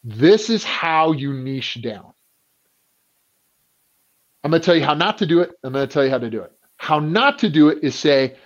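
A man talking as a business coach in a casual podcast conversation, acting out the people he quotes and often clearing his throat. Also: a little high, moderate pace, long pauses, muffled recording. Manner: animated storyteller who acts out quoted people.

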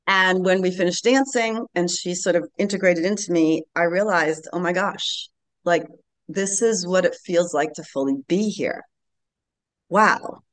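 Brief: woman, late fifties, podcast guest, earnest storyteller, slightly low voice. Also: unhurried. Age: late 50s. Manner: earnest, animated storytelling with frequent laughs. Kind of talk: casual interview storytelling.

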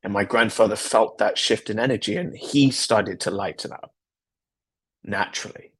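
A man's voice: fairly low pitch, moderate pace, husky. A man hosting a podcast, telling a personal story in an earnest, reflective way with a lot of repetition. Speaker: podcast host. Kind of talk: personal story, motivational talk.

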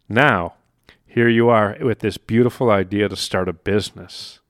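A man's voice: mid-range voice, lively intonation, normal speed, no echo, clean studio sound. A man hosting a motivational podcast, talking animatedly and acting out inner voices, laughing at himself now and then. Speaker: podcast host. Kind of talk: motivational solo podcast talk.

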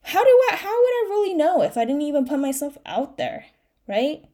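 A woman's voice: high-pitched, big pitch swings, brisk, warm tone. Woman podcaster, candid emotional monologue, restarts and fillers, on the verge of tears. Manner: candid, self-encouraging, with frequent fillers and restarts. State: tearful at times. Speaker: podcast host.

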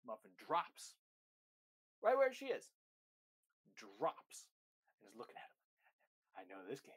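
Dog trainer, young adult man: emphatic teaching voice, mid-pitched, hammers his points home by repeating them. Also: lively intonation, moderate pace, pauses often. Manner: emphatic, repeats key phrases. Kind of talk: instructional talk to camera.

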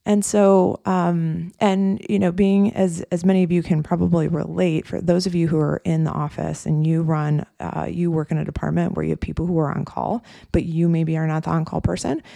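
A coach talks through a podcast monologue in a heavily gravelly, mellow voice. The delivery is casual and chatty, full of fillers and tag questions. The sound is close and dry. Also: medium pitch, level tone, normal speed, few pauses, dry recording.

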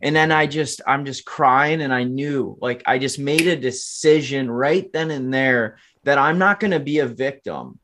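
A man's voice: mid-range voice, unhurried, hardly any pauses, fairly bright tone, a little hiss or hum. Earnest young man telling his story. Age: 20s. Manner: earnest, motivational, addresses listeners as "guys". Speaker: podcast guest, entrepreneur. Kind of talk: candid storytelling interview.

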